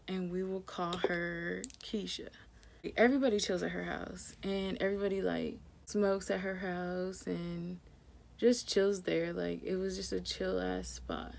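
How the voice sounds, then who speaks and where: A woman's voice: on the low side, creaky, slight background noise. A young woman vlogger chatting casually while doing her makeup, telling a story with lots of "like" and swearing. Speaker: beauty vlogger.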